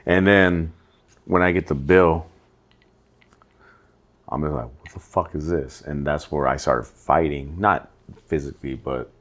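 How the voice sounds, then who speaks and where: A young man co-hosting a podcast tells a story in casual chat, swearing often and animatedly acting out what people said. His voice is a low rumble, his pace measured, and he leaves long pauses.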